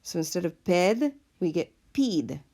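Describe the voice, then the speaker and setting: Woman teacher going slow thru a recorded lesson, kinda low gravelly voice, patient. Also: animated, a little mellow. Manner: slow, patient, step-by-step explaining. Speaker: Spanish teacher.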